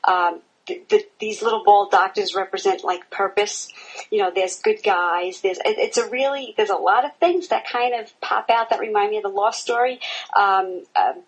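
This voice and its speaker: Casting: woman co-host, husky mid-range voice, halting and filler-heavy. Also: medium pitch, rough recording. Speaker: podcast co-host. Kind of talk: casual podcast chat.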